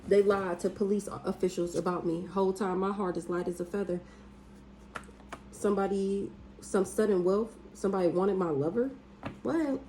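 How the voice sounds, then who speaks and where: A woman doing a casual spiritual reading, blunt and profane, with drawn-out hums and exclamations. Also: mid-range voice, fairly even intonation, warm tone, slight background noise, rough recording. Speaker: spiritual reader.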